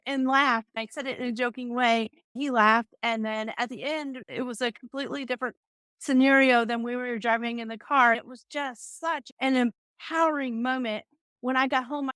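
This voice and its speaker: Woman, middle-aged, self-help coach, calm storytelling, slightly high voice, dry close sound. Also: smooth, no echo. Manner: calm, warm-toned storytelling with small restarts. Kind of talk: advice talk with a personal story.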